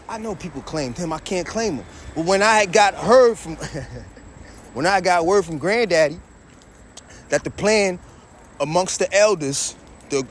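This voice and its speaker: A man's voice: a little high, a little hiss or hum. A man vlogging outdoors, rambling in a heated, preachy way, quoting scripture and trailing off into mutters. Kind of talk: rambling street vlog with scripture quotes.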